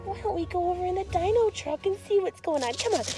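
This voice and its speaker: A woman's voice: very high-pitched, quick pace, warm tone, faint music behind. A woman voicing an eager, helpful toy dinosaur friend in a toy play story, cheery and take-charge.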